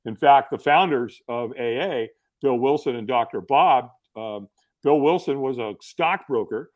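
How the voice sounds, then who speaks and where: A middle-aged man telling stories as a podcast guest, in a casual, animated way full of fillers and restarts. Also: mid-range voice, unhurried. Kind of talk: casual storytelling.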